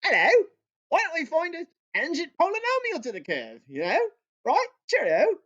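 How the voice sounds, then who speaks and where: A prim, chirpy British gentleman, as a male teacher puts him on, in a high, mock-posh voice. The sound is dull and lo-fi. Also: huge pitch swings, normal speed, heavily acted. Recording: dull lo-fi audio.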